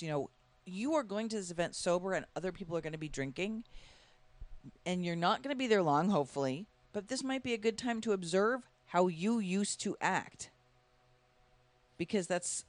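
A woman's voice: on the low side, dry recording. Lady telling a story in a chat, laughs a lot, dry sound. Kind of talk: casual recovery conversation.

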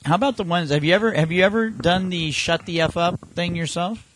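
A man's voice: sits high, a little fast, fairly bright tone, a little hiss or hum, rough recording. A man co-hosting a casual talk show, telling rambling anecdotes and acting out quotes. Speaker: podcast co-host. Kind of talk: casual chat.

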